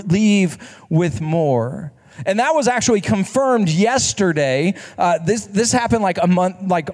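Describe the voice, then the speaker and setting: A man with a high voice tells a story as part of a sermon, in a chatty way full of restarts and asides to the listeners. His words ring out with the long reverb of a large hall. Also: darkish tone. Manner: conversational, self-correcting, rhetorical asides.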